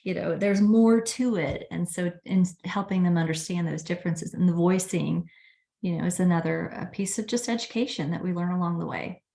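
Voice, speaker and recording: A woman with a fairly low voice, heard in a noticeably echoey room. She is a speech-language pathologist and explains how children produce sounds in an animated, teacherly way. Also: normal speed, gravelly. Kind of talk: interview conversation.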